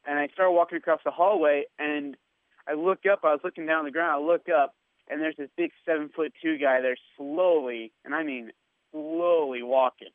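A man tells a story in a slightly high voice, animated and full of play-acted dialogue. He comes through a tinny, phone-like line with a dry, close sound. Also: fairly quick, no room sound. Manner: animated storyteller who acts out quotes. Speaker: radio station worker telling a story. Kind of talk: casual storytelling on a podcast.

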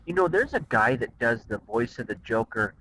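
A man co-hosting a podcast in casual chat, excitable and giggly, talking on a cell phone. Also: medium pitch, normal speed, a little hiss or hum, poor audio. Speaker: podcast co-host.

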